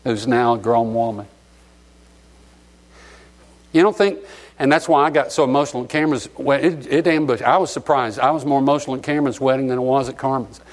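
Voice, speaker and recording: A man's voice: mid-range voice, brisk, pauses often. A middle-aged man from Alabama preaching a sermon, sentimental and emotional as he tells stories. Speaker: pastor.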